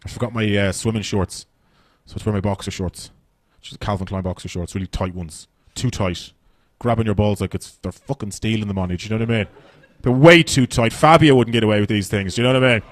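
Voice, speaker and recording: A man's voice: lowish voice, fast, few pauses, no room sound. An Irish man in his thirties doing a stand-up comedy set on a club stage, chatty and swearing as he tells stories. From Ireland. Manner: chatty, swearing, animated storytelling.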